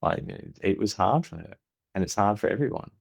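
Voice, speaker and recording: A man in his forties with an Australian accent speaks in a low, deep register. As a podcast guest he tells candid stories, stumbling and restarting mid-sentence, and plays out his family's lines in conversation. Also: animated, a little fast, gravelly, husky. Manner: frequent restarts, acts out family dialogue.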